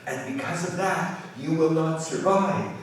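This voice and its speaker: A man's voice: fairly high pitch, a little slow, lightly acted. A man doing a grave old prophet's ghost. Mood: stern. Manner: grave, solemn pronouncements. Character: stern old male prophet spirit. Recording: echoey hall, distant mic.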